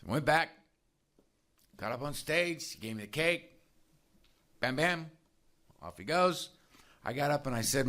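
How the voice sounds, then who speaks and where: A man's voice: fairly high pitch, expressive, unhurried, long pauses, bright, forceful tone. A man giving a candid, conversational talk about his recovery to a live audience, often checking in with "right?". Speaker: speaker at a recovery meeting.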